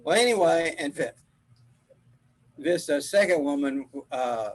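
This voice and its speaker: An older man tells a meandering story in a relaxed group conversation, his voice husky and slightly high. His pitch swings widely as he talks, and he breaks into laughter often. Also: unhurried, poor audio. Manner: rambling storyteller with frequent laughs. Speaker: spiritual teacher. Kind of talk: casual group chat.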